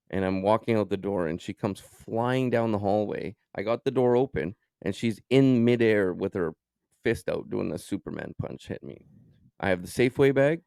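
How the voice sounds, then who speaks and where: A man with a low, gravelly voice tells a personal story in a loose podcast chat. He is animated and profane, jumping into quoted lines as he goes. The room sounds close and dry. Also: no echo. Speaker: podcast co-host.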